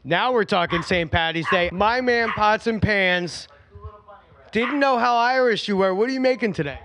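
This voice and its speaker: A man hosts a podcast as a casual chat at home, rowdy and joking, swearing and laughing a lot. His voice sits high and moves at normal speed, with background noise in the recording.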